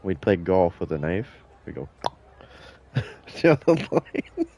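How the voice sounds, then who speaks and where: Deep, mellow, swearing gamer guy. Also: sing-song, slow. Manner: swears a lot, boastful, acts out quotes. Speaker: gaming streamer. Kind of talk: casual profane storytelling while gaming.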